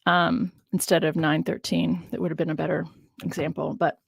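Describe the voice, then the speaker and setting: A woman's voice: sits low, little pitch movement, moderate pace, gravelly, husky, no echo. A woman biblical scholar hosting a casual teaching livestream, musing aloud, laughing often and stressing key words.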